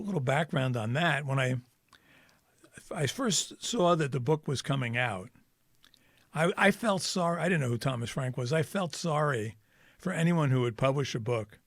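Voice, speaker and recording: A man's voice: medium pitch, animated, normal speed, dry recording, clean studio sound. A man co-hosting a casual podcast, a wry, joking storyteller who keeps the chat moving. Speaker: podcast co-host. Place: Kansas City.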